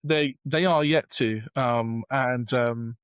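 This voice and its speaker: A man's voice: medium pitch, slow, clean tone, no room sound. A young British man with a casual, self-deprecating manner, telling a long story in a podcast interview, full of fillers and restarts. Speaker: guest.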